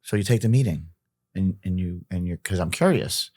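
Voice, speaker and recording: A man's voice: low-pitched, expressive, moderate pace, darkish tone, dry recording, clean studio sound. A middle-aged man, a podcast guest, talking casually and emphatically, often repeating himself and restarting sentences.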